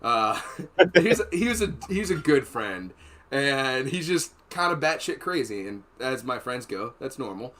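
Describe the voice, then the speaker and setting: A man's voice: mid-range voice, very animated, a little slow, fairly bright tone, slight background noise. A man hosting a podcast, telling long profane stories in a rambling, casual way and laughing between them. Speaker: podcast host. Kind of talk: casual storytelling chat.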